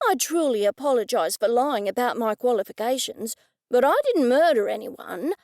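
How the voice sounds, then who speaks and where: Woman narrator voicing a nervous male chef, apologetic, pleading, slightly high, gravelly. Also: animated, moderate pace, darkish tone, no echo, clean studio sound. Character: nervous male chef faking a French accent.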